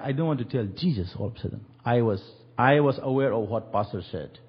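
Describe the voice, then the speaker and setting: A man's voice: mid-range voice, lively intonation, moderate pace, creaky, husky, muffled recording. A man preaching a sermon and telling a story, acting out the quoted voices with animation.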